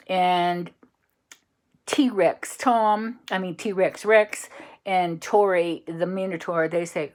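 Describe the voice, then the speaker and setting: A woman telling an improvised bedtime story, slow and searching for words as she goes. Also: fairly low pitch, fairly even intonation.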